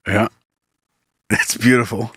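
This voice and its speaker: A man's voice: on the low side, fairly even intonation, slow, bright, forceful tone, husky. A man co-hosting a podcast in casual chat, jokey, chiming in with quips and laughs. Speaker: podcast co-host.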